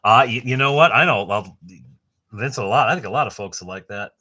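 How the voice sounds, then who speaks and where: A middle-aged man hosting a casual book unboxing, rambling and enthusiastic, with a halting way of talking. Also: mid-range voice, pushed and bright. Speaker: host.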